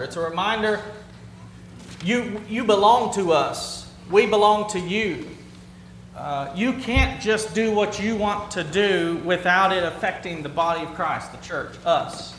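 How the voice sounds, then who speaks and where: A man's voice: high voice, a little slow, fairly bright tone, roomy sound, slight background noise, poor audio. A man preaching a sermon in a conversational way, asking the congregation questions and answering back. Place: church sanctuary.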